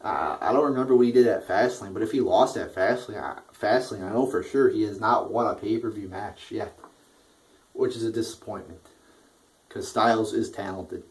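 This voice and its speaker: A man's voice: on the low side, moderate pace, distant mic. A man giving a profane, sarcastic, exasperated review of a show in a casual rant.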